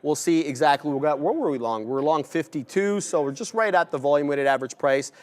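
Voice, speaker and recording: A young man hosting a live day-trading stream, giving brisk, upbeat commentary and shout-outs to viewers. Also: a little high.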